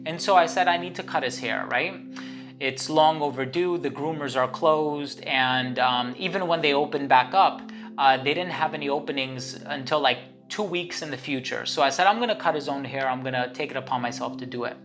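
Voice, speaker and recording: A woman's voice: very deep voice, fairly quick. A woman hosting her own channel, telling a story to the camera in a chatty, rambling way, full of fillers and restarts. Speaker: channel host. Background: guitar music.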